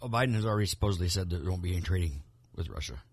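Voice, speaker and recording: Low-voiced man, rambling podcast talk. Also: expressive, very fast, slightly rough, dry recording. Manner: rambling, many restarts and repeated words. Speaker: podcast co-host. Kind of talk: casual political chat.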